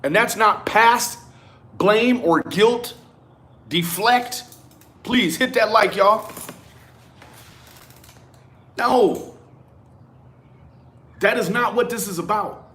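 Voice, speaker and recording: A man giving a profane, animated rant to his viewers. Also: high-pitched, drawn-out words, long pauses. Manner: animated, swearing, talks straight at viewers. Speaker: commentary vlogger. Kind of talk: profane ranting commentary.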